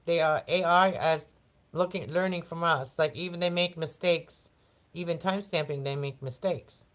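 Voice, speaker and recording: A woman's voice: fairly low pitch, moderate pace, fairly bright tone. A woman doing a casual oracle card reading for the zodiac signs, chatty and rambling, often laughing and tripping over words. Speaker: tarot and oracle card reader.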